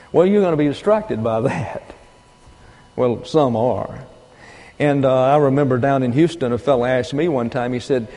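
An older man preaching a sermon, teaching deliberately and with emphasis, pausing for asides. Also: medium pitch, lively intonation, mellow. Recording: long reverb of a large hall.

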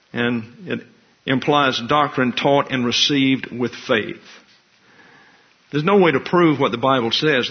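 A man's voice: medium pitch, breathy edge. A man pastor giving an expository sermon, teaching in a wry, conversational way with asides. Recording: dull lo-fi recording.

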